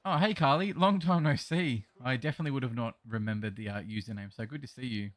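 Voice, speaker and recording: A man's voice: mid-range voice, quick pace, no echo. Chummy Australian man streaming, dry sound. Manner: chummy, greets viewers with mate and bro. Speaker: live streamer. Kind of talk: casual chat reading live chat while gaming.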